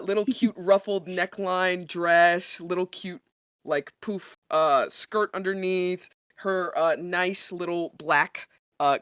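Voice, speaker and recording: A woman's voice: on the low side, fairly bright tone, clear, resonant tone, no room sound, clean studio sound. A woman narrating as game master in a tabletop game, chatty and full of fillers.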